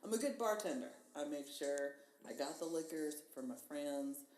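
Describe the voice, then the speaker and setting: A woman's voice: low-pitched, animated, normal speed, a little mellow. A woman guest in casual chat, enthusiastic and chatty, thinking aloud with fillers. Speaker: podcast guest. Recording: echoey room with faint hiss.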